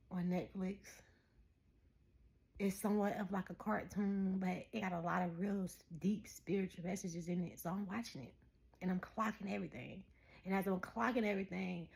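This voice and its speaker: A woman in her thirties talking straight to her viewers in a casual spiritual message, animated and preachy, laughing often. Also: medium pitch, creaky. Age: 30s. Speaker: spiritual vlogger.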